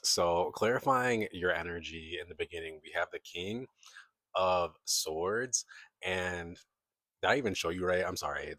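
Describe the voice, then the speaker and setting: A man's voice: deep voice, a bit bright, no room sound. A man giving a casual, chatty tarot reading, laughing often and acting out the voices of the people he describes. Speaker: tarot reader.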